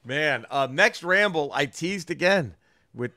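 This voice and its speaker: A middle-aged man with a bright, forward voice trades quick, excited reactions and casual swearing. His sound is dry and close to the mic. He comes across as a podcast co-host chatting easily with a longtime partner. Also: on the high side, dry recording. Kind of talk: casual chat and show sign-off.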